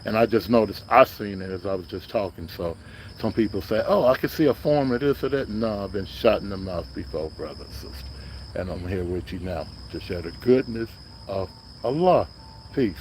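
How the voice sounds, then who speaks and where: A man's voice: fairly low pitch, expressive, moderate pace, darkish tone, a little hiss or hum. Man chanting on a livestream. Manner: loose, rambling street talk that turns into a repeated chant. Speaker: livestream host. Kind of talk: casual livestream talk.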